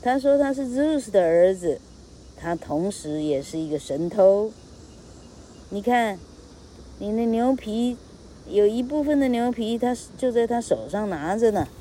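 A woman voicing an excitable male satyr leader who cries out eagerly, in a read-aloud myth. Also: mid-range voice, unhurried, slight background noise, lightly acted, poor audio. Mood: excited.

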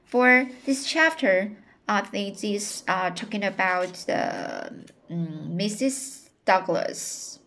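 A woman reading a novel aloud and pausing to give her own hesitant, careful commentary. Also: mid-range voice, fairly bright tone. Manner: careful, hesitant, searching for words. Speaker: audiobook reader. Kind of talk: slow read-aloud with personal commentary.

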